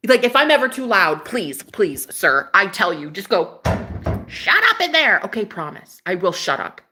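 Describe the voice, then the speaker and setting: A young woman vlogger telling a story in casual chat, chatty and excitable, swearing freely and breaking into laughs. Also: lowish voice, moderate pace.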